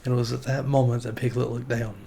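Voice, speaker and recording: Gravelly man reading a storybook aloud. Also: medium pitch, little pitch movement, fast talker, dark tone, a little hiss or hum. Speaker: streamer.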